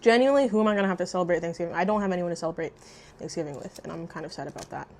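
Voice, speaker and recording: Loud, profane young woman vlogging. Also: lowish voice, very fast. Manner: loud, profane, swings into shrieks and mutters. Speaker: mukbang vlogger. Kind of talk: casual eating vlog chat.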